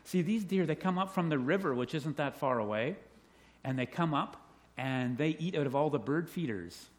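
A middle-aged man telling children a story, animated, asking them questions and laughing along with them. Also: on the high side, normal speed. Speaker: children's talk leader. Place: indoors with a group of children.

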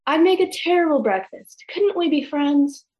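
A woman voicing a kind, lonely male monster who speaks softly and stammers when afraid. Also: fairly high pitch, lively intonation, moderate pace, lightly acted. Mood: stammering. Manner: soft, whimpering, stammering.

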